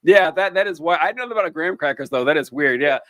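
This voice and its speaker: Man, podcast host, high voice, dry close sound, chatty, laughs often. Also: lively intonation, fast talker, pushed and bright, no echo. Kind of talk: casual conversation.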